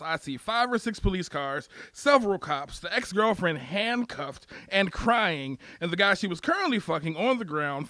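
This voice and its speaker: Young man, wry deadpan storytelling, profane, high bright voice, dry sound. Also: no echo. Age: young adult. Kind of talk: first-person comic storytelling.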